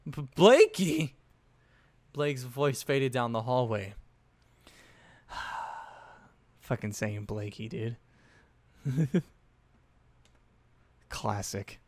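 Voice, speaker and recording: A man's voice: mid-range voice, very slow, long pauses, no echo. Casual young man reading fanfiction. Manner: offhand, swears in asides. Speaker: fanfiction narrator. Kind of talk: casual story narration.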